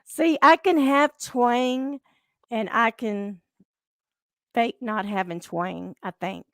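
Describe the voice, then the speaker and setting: Southern lady host, middle-aged, kinda high voice, takes her time, laughs a lot telling stories, dry sound. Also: slow pace, dry recording. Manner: chatty storyteller, laughs often. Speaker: podcast host. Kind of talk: casual podcast chat.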